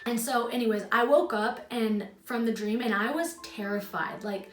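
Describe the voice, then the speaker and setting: A woman's voice: a little high, normal speed. Chatty young woman, echoey room. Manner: chatty, heavy use of "like"; emotional, choked up at times. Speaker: YouTuber. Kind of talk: casual storytelling vlog. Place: her home, indoors.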